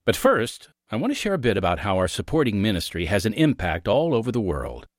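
A man's voice: fairly low pitch, wildly swooping pitch, fairly quick. Earnest male ministry announcer. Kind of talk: scripted appeal for donations.

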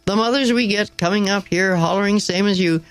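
A man's voice: high-pitched, brisk, clear, resonant tone, no room sound, voice pushed up, low-quality recording. A man doing a blunt, folksy park keeper. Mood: soothing. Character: gruff working-class male park keeper.

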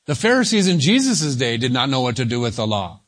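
A man preaching an expository sermon, speaking deliberately and stretching key words for emphasis. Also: medium pitch, sing-song, a bit bright. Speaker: pastor.

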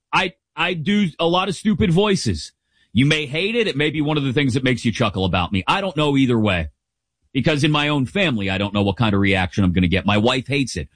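A middle-aged man hosting a sports talk show, giving casual, opinionated commentary in an animated, jokey way. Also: mid-range voice, no echo. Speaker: sports podcast host.

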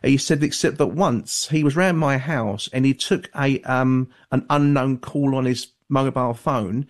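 A man talks as a guest author on a call-in radio show. He speaks in a measured, careful way, hedging often and filling pauses with ums and uhs. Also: mid-range voice. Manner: measured, hedging, many fillers.

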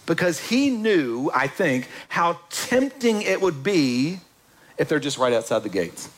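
A man preaching a sermon in an animated, conversational way, with quick asides to the congregation. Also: fairly high pitch, slightly rough. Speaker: pastor.

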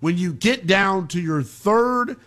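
A man hosting late-night sports talk radio with a brash, slangy delivery. His pitch runs a bit high and swings widely as he rants and fields callers. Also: animated, slow pace, a bit bright. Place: radio studio.

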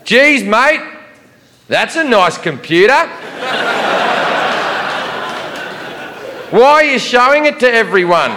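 A man's voice: extremely high pitch, very animated, measured pace, in a large hall, a crowd in the background, noisy background, pitched above the performer's own voice, heavily acted. A man voicing a laid-back, politely sarcastic Australian male airport security guard in a raised voice.

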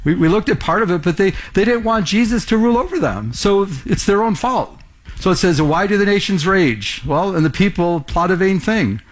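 A man's voice: high voice, animated, moderate pace. A middle-aged male pastor preaching a conversational sermon, asking the congregation questions and restarting his sentences often.

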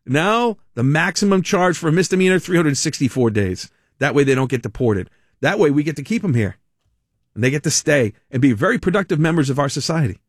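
A man's voice: on the high side, expressive, fast, no room sound, studio quality. A man hosting a talk radio show, delivering a sarcastic, mocking monologue with frequent laughs.

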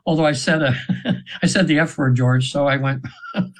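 A man's voice: a little high, moderate pace, rough recording. A man in his seventies, a guest on a radio show, telling a long story in an earnest, rambling way with many fillers and restarts. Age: 70s. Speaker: radio guest, spiritual practitioner. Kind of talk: casual radio interview storytelling. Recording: radio interview.

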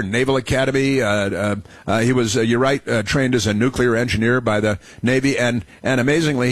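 A man's voice: mid-range voice, no room sound. A middle-aged man hosting a call-in radio talk show, rambling and chatty with many restarts and fillers.

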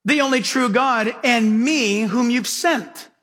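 A middle-aged pastor with a high, husky voice preaches in an animated way. He swings from loud to hushed as he tells his stories. The long reverb of a big sanctuary trails after every phrase. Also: slow pace. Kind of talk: sermon.

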